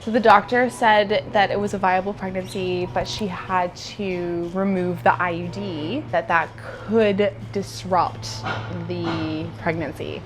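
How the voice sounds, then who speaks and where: A woman's voice: on the low side, fairly even intonation, takes it slowly, noisy background. A young woman vlogger telling a personal story in a casual, chatty way, with lots of fillers and restarts.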